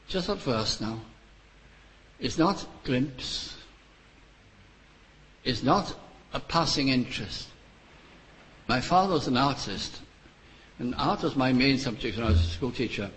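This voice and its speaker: An older man delivers a sermon in a measured, unhurried way. He speaks in short phrases with long pauses between them, sounding earnest and pleading. His voice sits at an ordinary middle pitch for a man. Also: fairly bright tone, a little hiss or hum, poor audio. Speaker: preacher.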